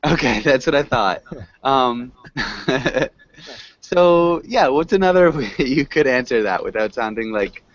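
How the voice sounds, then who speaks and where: A man's voice: medium pitch, lively intonation. Encouraging male English teacher, dull call audio. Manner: encouraging, laughs often, slow corrections. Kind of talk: online English class.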